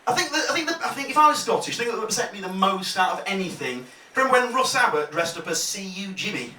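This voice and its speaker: Laughing compere in an echoey club. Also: male voice, sits high, lively intonation, fast talker. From Leeds, England. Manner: bantering, laughing, swings from mutters to shouts. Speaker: comedy compere. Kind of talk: live stand-up crowd work. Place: comedy club stage. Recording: echoey club, distant mic, loud noise.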